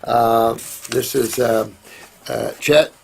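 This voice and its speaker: A man's voice: mid-range voice, steady tone, drawn-out words, gravelly, a little mellow, a little hiss or hum. A middle-aged man hosting a casual question-and-answer session, talking in a rambling, folksy way and calling viewers sweetheart and honey. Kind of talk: casual live Q&A.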